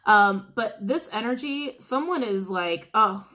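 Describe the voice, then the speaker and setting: A woman talking through a tarot reading straight to her viewers. She rambles in a loose, chatty way, full of "like" and "um." Her voice sits at an ordinary middle pitch for a woman. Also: lively intonation, measured pace, bright, forceful tone. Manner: chatty, rambling, many fillers. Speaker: tarot reader.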